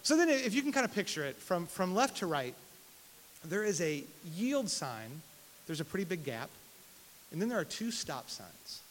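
A man telling a personal testimony story in an animated, self-deprecating way, often repeating his words. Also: high-pitched, normal speed. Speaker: speaker sharing a personal testimony. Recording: long hall reverb, faint hiss.

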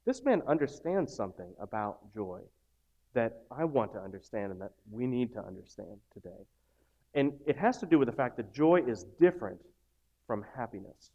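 A man preaching a sermon as a pastor, in a conversational way that swings from hushed, slow lines to loud, emphatic ones. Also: medium pitch, very animated, dull audio.

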